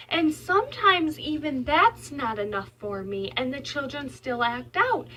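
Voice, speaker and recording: A woman's voice: high-pitched, sing-song, measured pace, few pauses, bright, forceful tone. A young mother of five sharing a heartfelt, faith-filled vlog from her bedroom, talking earnestly and with emotion. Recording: voice slightly distant from mic.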